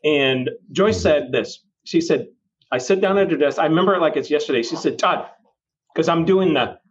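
A man's voice: a little high, normal speed. Middle-aged man telling a story, dull sound. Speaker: mortgage lender. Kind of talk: casual storytelling.

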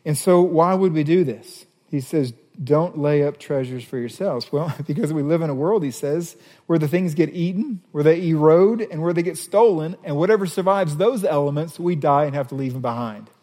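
A man preaching a sermon as a pastor, animated, reading scripture passages aloud. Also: fairly high pitch, moderate pace, hardly any pauses, long reverb tail.

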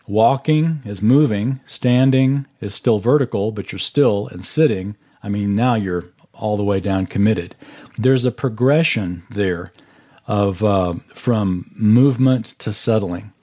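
A man's voice: fairly low pitch, measured pace, warm tone. A man teaching a Bible class over a video call, earnestly walking through verses and explaining them step by step.

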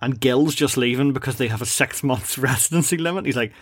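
A man's voice: medium pitch, dry recording. Chatty man, dry close sound. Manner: chatty, retells scenes with quick quoted voices and laughs. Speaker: podcast co-host. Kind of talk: casual chat recapping a cartoon episode.

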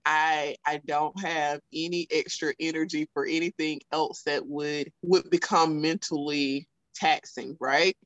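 A woman's voice: sits low, steady tone, a little slow, hardly any pauses, a bit bright, dry recording, lo-fi sound. A woman with a thick Southern accent hosting a podcast interview, talking casually with lots of "like.". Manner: casual, frequent fillers like "like". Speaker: podcast host. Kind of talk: conversational interview.

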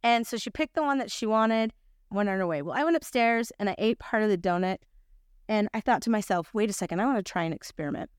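A middle-aged woman gives a devotional Bible lesson, telling a personal story and acting out the people in it. Her voice is smooth and clear. The recording is dry and close. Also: mid-range voice, quick pace, no room sound. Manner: animated storyteller, acts out quoted voices. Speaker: Bible study teacher.

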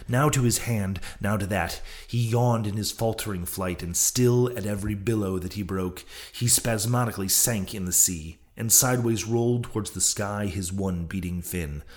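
Low-voiced man reading a sea tale. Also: darkish tone. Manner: measured storytelling. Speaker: audiobook reader. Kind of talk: scripted narration.

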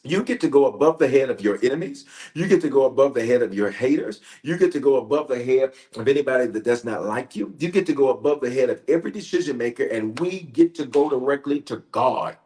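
A man's voice: medium pitch, animated, quick pace, warm tone. A man, a bishop, leading a livestream prayer. He greets viewers in a roll call and repeats phrases for emphasis.

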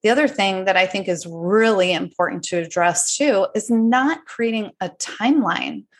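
A woman hosting a podcast, talking in a thoughtful, measured way in casual conversation. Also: medium pitch. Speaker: podcast host.

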